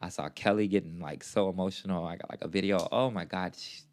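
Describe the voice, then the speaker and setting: A man vlogging a casual recap, telling the story in a gushing, animated way full of fillers and sassy asides. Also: low voice, fast.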